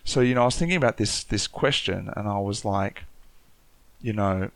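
A man's voice: fairly low pitch, normal speed, creaky, fairly bright tone, dry recording. An Australian man with an Aboriginal Australian accent, talking thoughtfully in a casual panel discussion, with many restarts. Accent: Aboriginal Australian English.

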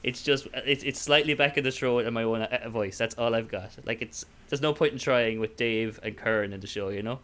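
An Irish man in easy conversation, his voice bright and clear with a smooth ring. He rambles through his thoughts, leaning on fillers and starting sentences over. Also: medium pitch, fairly quick, few pauses. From Ireland. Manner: rambling, full of fillers and restarts. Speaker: podcast guest, tabletop player. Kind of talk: casual chat.

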